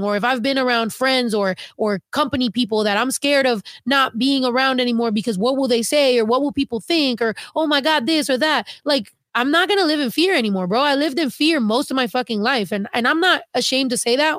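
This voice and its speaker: A woman's voice: sits high, no room sound, studio quality. A young woman co-hosting a livestream, talking bluntly and casually with lots of swearing. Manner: blunt, profane, animated. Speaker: livestream co-host.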